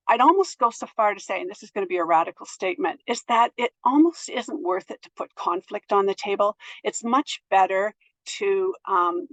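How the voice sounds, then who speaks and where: A middle-aged woman giving a presentation on board governance in a thoughtful, gentle way, with many fillers and restarts. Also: mid-range voice, dry recording, low-quality recording. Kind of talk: presentation to an audience.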